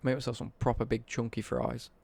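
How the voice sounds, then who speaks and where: Sweary British guy ranting, gravelly. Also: medium pitch, flat delivery, fairly quick, a little mellow. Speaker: live streamer. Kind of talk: casual live-stream rant.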